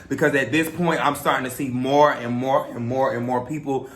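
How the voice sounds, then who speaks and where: A man's voice: medium pitch, fairly even intonation, moderate pace, hardly any pauses, fairly bright tone, reverberant, slight background noise. A talkative young man telling a story in a casual, chatty vlog style, loose with filler words. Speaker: vlogger.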